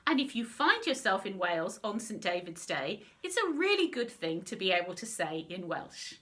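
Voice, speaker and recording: Bright, lively woman teaching words. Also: medium pitch, normal speed. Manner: patient, clear pronunciation teaching. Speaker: language helper. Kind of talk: school lesson video for children.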